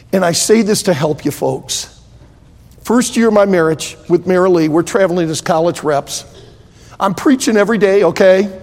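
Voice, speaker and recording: An older man preaching a sermon, emphatic and repetitive, building to loud outbursts. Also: sits high. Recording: echoey hall.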